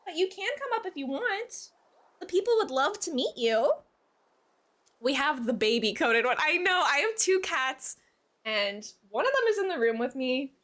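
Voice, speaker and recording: A young woman with a high, bright voice chats casually on a live stream from her room at home. Her pitch swings widely, and she is giggly with hiccups, slipping into baby talk for her cat. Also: sing-song, moderate pace.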